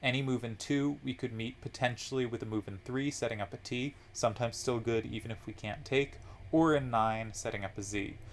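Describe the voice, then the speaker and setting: Man calmly breaking down card game moves. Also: mid-range voice, brisk, a little hiss or hum. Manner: analytical, explains moves step by step with frequent ums. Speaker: tournament commentator. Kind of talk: game analysis commentary.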